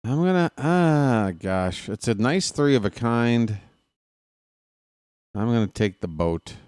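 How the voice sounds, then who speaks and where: A man hosting a live stream, trash-talking his opponents in a dice game, swinging from muttering to excited yelling. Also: medium pitch, slow, clean tone, no room sound. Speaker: streamer and play-by-play host. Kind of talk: casual live-stream commentary while playing a dice game.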